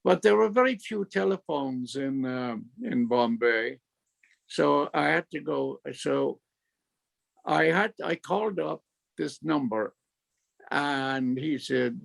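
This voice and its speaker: A man's voice: medium pitch, expressive, slow, creaky. An older man from Ireland with an Irish accent, telling rambling stories as an author at a talk, full of fillers and restarts. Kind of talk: anecdotal storytelling.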